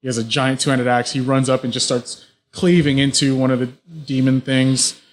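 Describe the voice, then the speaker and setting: Male game master, mid-pitched voice, vivid play-by-play narration. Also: steady tone, normal speed. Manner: vivid play-by-play with frequent restarts.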